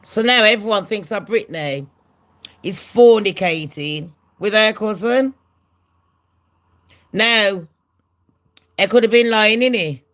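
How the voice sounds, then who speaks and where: A middle-aged woman with a nasal voice, hosting a casual gossip vlog. She talks in a brash, sweary, chatty way at a middling pitch. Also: slow, long pauses, a bit bright. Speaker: gossip channel host.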